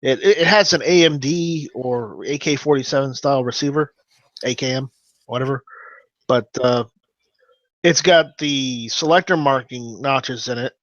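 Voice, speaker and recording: A man chatting casually on a show, halting and restarting with fillers and stammers. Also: medium pitch, a bit bright, no echo. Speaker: podcast regular. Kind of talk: casual gun talk chat. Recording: dull lo-fi audio.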